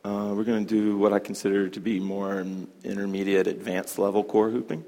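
A man's voice: fairly low pitch, fairly quick. Man, hoop instructor, rambling storyteller, laughs easily, voice ringing in a reverberant hall. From Southern United States. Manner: chatty, animated, laughs a lot. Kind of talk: class talk with storytelling.

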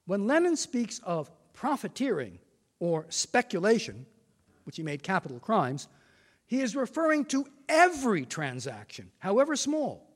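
An older man giving a formal prepared lecture, measured, reading quotations with emphasis. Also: sits high, huge pitch swings. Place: lecture hall. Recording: long reverb of a lecture hall.

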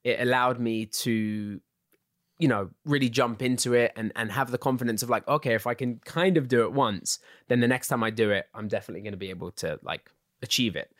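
A man's voice: medium pitch, a little fast, dry recording. English guy, 30s, english accent, easygoing chatty guest, dry close sound. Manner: relaxed, chatty, full of "like" and "you know". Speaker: guest actor. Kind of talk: casual interview chat.

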